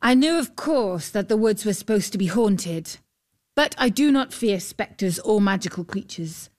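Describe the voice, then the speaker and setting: A woman's voice: medium pitch, animated, measured pace, darkish tone, natural voice. A woman voicing an earnest young male knight in a storybook reading, with formal old-fashioned speech. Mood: recounting.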